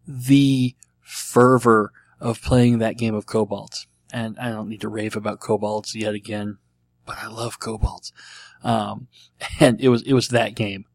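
A man's voice: mid-range voice, no echo. A middle-aged man hosting a casual solo show, rambling and self-deprecating, with a dry throat. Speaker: podcast host answering listener questions.

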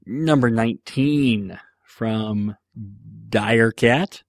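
A man's voice: medium pitch, normal speed, no echo. Man, podcast host, casual rambling chat, joking, many fillers, dry sound. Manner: rambling, jokey, lots of fillers.

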